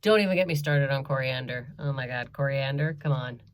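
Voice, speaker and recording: A woman's voice: a bass voice, brisk. A woman doing a stand-up comedy set from her bedroom at home, chatty and self-mocking, with frequent ums and laughs. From Canada.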